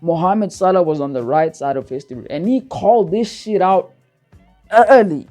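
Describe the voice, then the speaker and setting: A man's voice: high-pitched, moderate pace, darkish tone, soft background music. Fired-up man ranting about football. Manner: profane, fired-up, repeats himself for emphasis. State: worked up, feels hot-headed. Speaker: football channel host. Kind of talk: heated football rant to camera.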